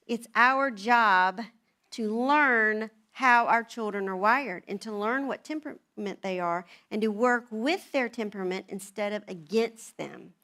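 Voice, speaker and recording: A grandmother speaking to a room of moms, telling family stories and acting out the voices of her children and husband. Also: on the high side. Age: older. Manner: animated, acts out family dialogue in changing voices. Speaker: speaker at a moms' event. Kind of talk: talk to an audience, storytelling.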